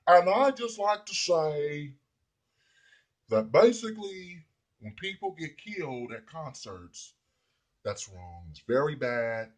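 A man putting on a smug older male politician who speaks slowly and vaguely, with a husky voice. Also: a little high, sing-song, pitched above the performer's own voice, full character voice. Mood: pompous. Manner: slow, halting, empty statements.

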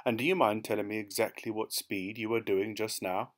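A man voicing a big, menacing motorcycle policeman who talks softly and mockingly, then barks orders. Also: fairly low pitch, fairly even intonation, fairly quick, close to an everyday voice. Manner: soft and mocking, then barking.

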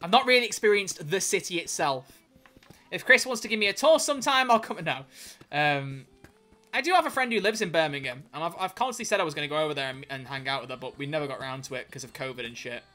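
Bright-voiced streamer. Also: male voice, fairly high pitch, expressive. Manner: joking, swearing, quick self-corrections. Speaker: livestreamer. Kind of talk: casual stream chat, reading chat aloud.

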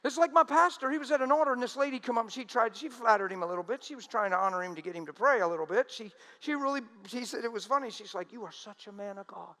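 A man preaching a sermon, animated, drawing out the words he quotes for emphasis. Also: extremely high pitch, rapid-fire, hardly any pauses.

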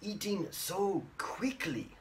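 A man teaching an online English lesson, saying words slowly and repeating them with frequent tag questions. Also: high voice, lively intonation, slight background noise.

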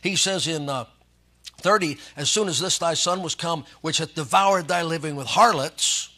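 A man's voice: a little high, normal speed, sharp tone. A man preaching a sermon as pastor, reading scripture and joking in a folksy way.

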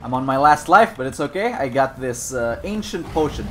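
Loud, jokey man with a swooping voice. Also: medium pitch, animated, normal speed, soft background music. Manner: loud, jokey and profane, yelling at the monster. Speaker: gamer. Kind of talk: let's play commentary with friends on voice chat.

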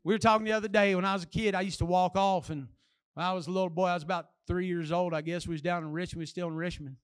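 A man's voice: high voice, steady tone, racing, clear, resonant tone. An older man preaching a sermon in a church, in a folksy, emphatic way and with plain everyday phrasing.

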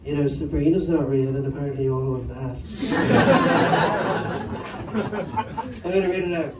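A man's voice: on the high side, slow pace. Male stand-up comic, wry and rambling, recorded live from a distance in a roomy club with audience noise behind. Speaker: stand-up comedian. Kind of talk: stand-up set with crowd work. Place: comedy club stage. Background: audience laughter.

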